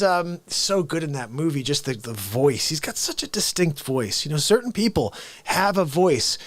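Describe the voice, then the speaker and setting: Chatty, animated male livestream host. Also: fairly high pitch, no echo. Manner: animated, jokey, laughs often, drifts off topic. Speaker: host of a daily live variety show. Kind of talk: casual livestream chat.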